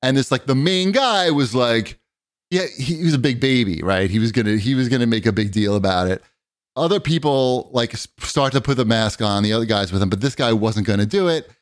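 A man hosting a podcast, telling an animated story with plenty of swearing and acted-out quotes. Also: medium pitch, a little fast. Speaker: podcast host. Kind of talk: casual chat, storytelling.

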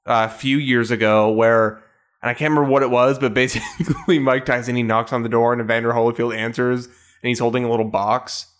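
A man's voice: medium pitch, level tone, brisk, fairly bright tone. A man co-hosting a podcast in casual chat, telling anecdotes with lots of ums and laughs. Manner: storytelling, laughing, many ums. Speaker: podcast co-host.

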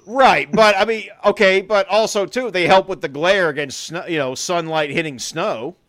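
A man with a fairly high voice chats casually on a football podcast, tripping over his words and restarting sentences as he goes. He laughs easily and keeps the banter playful. The sound is dry and close to the mic. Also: normal speed, fairly bright tone, no room sound. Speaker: podcast co-host. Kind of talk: casual chat.

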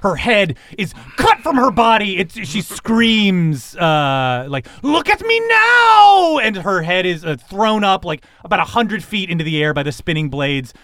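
A man running a tabletop game, narrating gory scenes in vivid detail. His voice is slightly high and very lively in its pitch. The recording is close and dry. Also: measured pace, few pauses, no echo. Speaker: game master.

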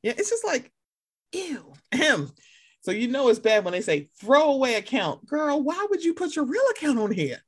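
Animated young woman, lively swinging pitch. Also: a little fast, hardly any pauses. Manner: animated, swears, mimics people in loud high voices. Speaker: podcast co-host. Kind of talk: casual chat.

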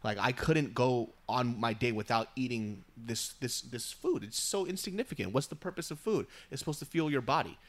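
Casual male podcast guest: loud, profane, laughs through his stories, medium pitch. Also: moderate pace, hardly any pauses. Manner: profane, laughs often, animated. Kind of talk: casual storytelling.

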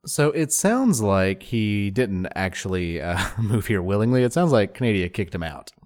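Podcast co-host, male, lively pitch, quick jokey delivery. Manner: joking, riffing, animated. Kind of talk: casual comedic chat.

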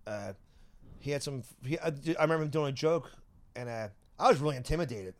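A man rambling through comedy-club stories, halting and restarting, laughing often. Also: medium pitch, expressive. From Philadelphia area. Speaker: comedian guest. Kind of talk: casual chat, storytelling.

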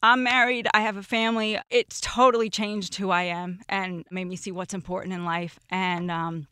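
A woman's voice: medium pitch, level tone, normal speed, sharp tone, clear, resonant tone, no echo, studio quality. A woman in her forties, a podcast guest, telling old stories in a casual chat, emotional and laughing often. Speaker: podcast guest, former roommate.

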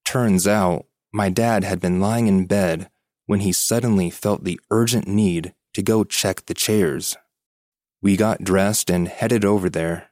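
A man with a deep, low voice reads a spooky first-person ghost story with measured, suspenseful pacing. The sound is close and dry, with no room around it. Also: fairly even intonation, a little mellow, dry recording. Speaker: podcast host reading listener stories. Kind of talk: scripted horror story narration.

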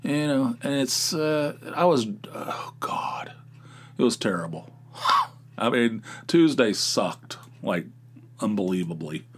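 A man's voice: mid-range voice, big pitch swings, unhurried, husky. A man hosting a podcast, chatting casually and rambling with many fillers and restarts. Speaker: podcast host. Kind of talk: casual solo podcast chat.

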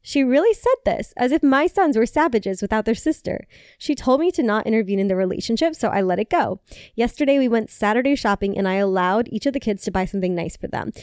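A woman's voice: medium pitch, darkish tone, no room sound, clean studio sound. A woman hosting a podcast, reading forum posts aloud and reacting with laughter, swearing and lots of "like.". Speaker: podcast host.

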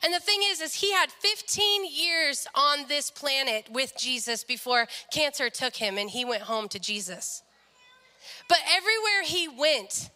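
A woman's voice: sits high, bright, forceful tone, long reverb tail. A young woman sharing a personal faith story in an earnest devotional talk, often quoting people in their own voices. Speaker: speaker sharing a testimony.

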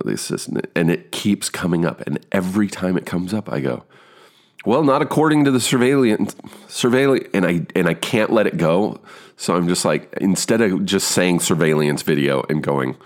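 A man in his fifties telling a casual story about an audition, swearing freely and acting out his own stumbles. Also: very deep voice. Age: 50s.

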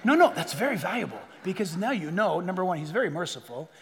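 A gentle, patient God speaks, voiced by a man preaching, high and lively in tone. The voice carries a long echo through a large hall, with faint music behind. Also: fast talker.

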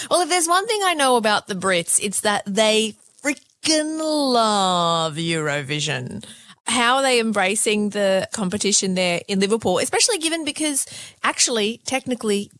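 A woman hosting a radio show, chatting in a playful, quick-witted way and bantering with her co-host. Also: medium pitch, fairly bright tone, no echo.

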